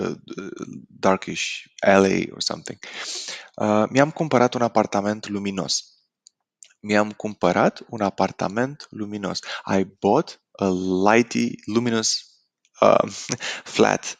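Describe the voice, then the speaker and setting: A man with a Romanian accent teaches a lesson in an easygoing, halting way, stopping for ums and rephrasing as he goes. His voice sits low and has a gravelly edge. The recording is dry and close. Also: no room sound. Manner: relaxed, hesitant, many fillers and restarts. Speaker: language teacher. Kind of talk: casual spoken lesson.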